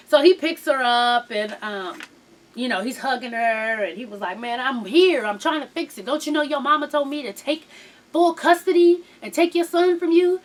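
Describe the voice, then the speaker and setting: A woman's voice: sits high, unhurried, fairly bright tone. A woman recapping a reality show in a casual, sassy, profane gossip style, acting out the people in her story.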